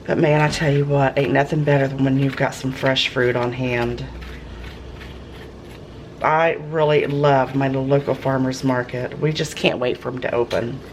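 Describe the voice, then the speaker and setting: A woman's voice: rumbling low, flat delivery, moderate pace, slight background noise, poor audio. A woman chatting casually to camera in her home kitchen, folksy and gushing over fresh food. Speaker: home cooking vlogger. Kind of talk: casual cooking chat to camera. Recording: kitchen clatter of pots and dishes.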